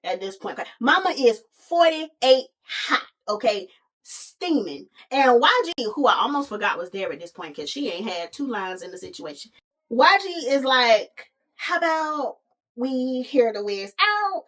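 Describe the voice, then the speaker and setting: A woman's voice: a little high, very animated, moderate pace, a bit bright. A woman hosting a podcast, retelling a story in a sassy, casual way and calling listeners honey and baby. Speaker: podcast host. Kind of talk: casual movie recap.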